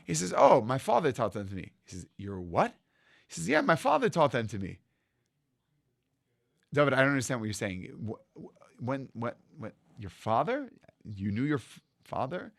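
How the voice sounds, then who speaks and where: A man teaches as a rabbi, acting out the voices of a story with a pitch that rises and falls widely. He sprinkles Hebrew and Yiddish terms through his lesson. The sound is dry and close. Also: very animated, a little fast, fairly bright tone, no room sound.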